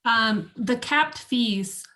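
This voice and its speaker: A woman's voice: a little high, animated, extremely slow, bright, forceful tone. A woman in a meeting who asks the presenter direct, practical questions. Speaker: agent asking questions.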